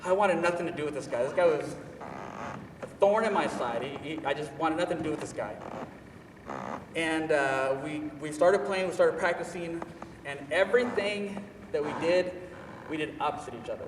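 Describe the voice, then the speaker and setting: A young man telling a personal story in an animated, self-mocking, emphatic way. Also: fairly high pitch, normal speed, noisy background. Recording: echoey hall, voice from far off, faint ambience.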